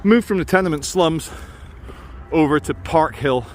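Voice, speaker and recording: A man's voice: fairly high pitch, measured pace, a little mellow, a little hiss or hum. A man filming a walking vlog outdoors in a city, giving jokey, chatty tour-guide commentary. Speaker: vlogger.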